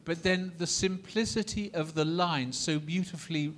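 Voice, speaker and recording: A man lecturing a class on opera in a lively, theatrical way, coaxing the students to repeat lines and demonstrating phrases. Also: on the high side, moderate pace, a little hiss or hum.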